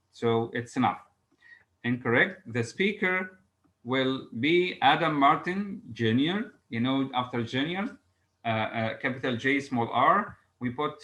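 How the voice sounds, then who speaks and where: A man teaching an English grammar lesson, reading example sentences aloud slowly and pausing often with "uh". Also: medium pitch, pushed and bright, poor audio. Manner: halting, frequent "uh" fillers, reads examples aloud slowly.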